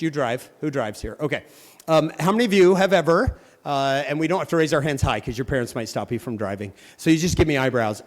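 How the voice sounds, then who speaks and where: A man giving a playful, joking devotional talk to a youth audience, firing quick questions at the crowd. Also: fairly high pitch. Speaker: youth speaker. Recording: long hall reverb.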